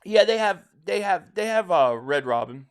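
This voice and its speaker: A man's voice: high voice, expressive, normal speed, clear, resonant tone. A man from South Jersey hosting a live stream, chatting casually and rambling as he answers viewer comments, with frequent restarts. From South Jersey, near Philadelphia.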